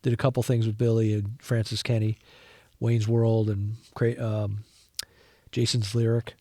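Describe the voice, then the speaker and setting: A middle-aged man, a former camera operator turned director, telling anecdotes in a casual interview with animated energy. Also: lowish voice, unhurried, dry recording, clean studio sound. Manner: animated storyteller who acts out other people's lines.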